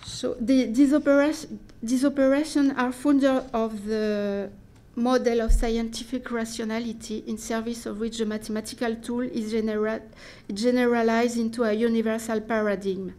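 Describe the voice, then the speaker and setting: Woman reading out a dense academic paper, slightly high voice, careful and slow, restarts here and there. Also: flat delivery, mellow. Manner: careful, deliberate delivery with restarts and hesitations. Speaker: academic speaker. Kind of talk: reading a prepared academic talk.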